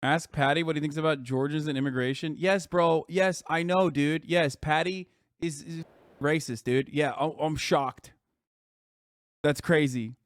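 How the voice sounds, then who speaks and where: A man's voice: on the high side, fairly even intonation, a little slow, no echo, clean studio sound. Man doing casual live reaction commentary. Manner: profane, jokey, slips into mock British slang. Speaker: streamer.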